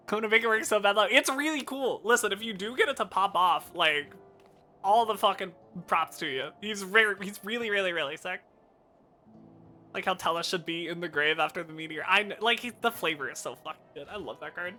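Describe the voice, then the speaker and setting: Excitable swearing game streamer. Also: medium pitch, brisk, soft background music. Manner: enthusiastic, swearing, rambling. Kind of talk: casual live-stream chat.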